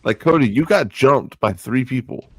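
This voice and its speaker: A man's voice: medium pitch, expressive, normal speed, slightly rough. A man with an ordinary, mid-range voice chats about wrestling on a podcast. He rambles and restarts his sentences often. The sound is dry and close, with no room echo. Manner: rambling, full of fillers and restarts. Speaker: podcast co-host. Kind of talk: casual wrestling chat.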